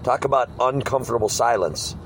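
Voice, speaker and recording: A street preacher in casual talk, recorded outdoors with faint traffic humming behind him. His voice sits at an ordinary male pitch, and he tells his stories with animated energy, slipping into the voices of hecklers. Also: fairly quick, poor audio. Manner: animated storyteller, mimics hecklers. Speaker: street preacher leading a discussion. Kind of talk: casual group talk with acted-out quotes.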